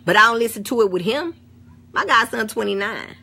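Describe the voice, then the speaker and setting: A woman's voice: on the high side, animated, a little fast, vocal fry, pushed and bright, slightly rough. A middle-aged woman with an African American St. Louis accent, talking bluntly and swearing freely in a casual chat. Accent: African American English, St. Louis. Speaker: vlogger. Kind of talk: casual talk to camera.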